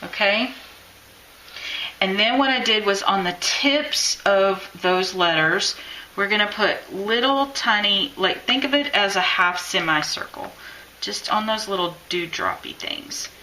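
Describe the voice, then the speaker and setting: A woman's voice: mid-range voice, lively intonation, measured pace, pushed and bright, a little hiss or hum, rough recording. A woman teaching chalk lettering on a live stream, chatting and encouraging as she works. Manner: chatty, encouraging, talks while working. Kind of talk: live-stream drawing tutorial.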